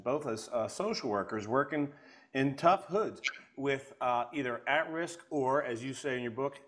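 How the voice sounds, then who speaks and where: A man hosting an interview show, chatting casually and enthusiastically, often restarting his sentences. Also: medium pitch. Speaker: podcast host.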